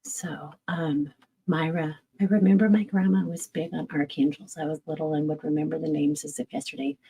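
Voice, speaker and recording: A woman's voice: low voice, expressive, moderate pace, gravelly, dark tone, breathy edge, rough recording. A middle-aged woman, a medium, answering viewer questions in a candid, casual live-stream chat, swearing freely and laughing at herself.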